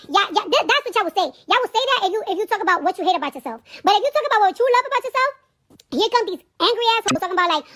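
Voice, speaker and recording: A woman from the Caribbean rants on a live stream. She talks very fast and in a very high, bright voice. She is brash and profane, and she circles back over the same points. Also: animated, a little hiss or hum. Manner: brash, profane, repeats herself. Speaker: livestreamer.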